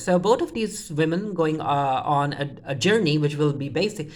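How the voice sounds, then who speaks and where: Low-voiced woman casually recapping a show. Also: normal speed. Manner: rambling, full of restarts and quoting characters offhandedly. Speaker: TV show reviewer.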